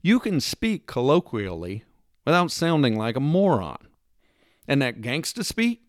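Man for a sarcastic opinion monologue, lively swooping delivery, dry close sound. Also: medium pitch, unhurried, no echo. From United States. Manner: emphatic, sarcastic, lecturing with rhetorical questions; mimics accents in quoted lines. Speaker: commentator.

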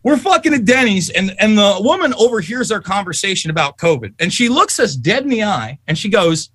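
A man ranting angrily on a podcast, swearing often as his voice swoops high and low. His tone is bright and sharp, recorded dry and close. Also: husky, no echo. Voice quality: profane, fast and animated. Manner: angry, emphatic storytelling. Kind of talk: heated political rant.

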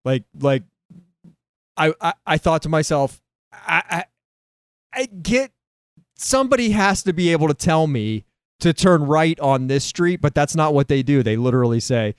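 A man's voice: fairly high pitch, animated, moderate pace, long pauses, smooth, dry recording, studio quality. A man hosting a casual podcast chat, teasing and arguing with his guest. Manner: teasing, argumentative banter.

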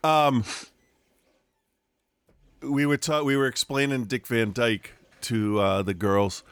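Speaking slowly in a clear, resonant mid-range voice with a steady tone, this middle-aged man co-hosts a podcast from his home room. There's no room sound as he rambles through casual stories, restarting often and breaking into laughter.

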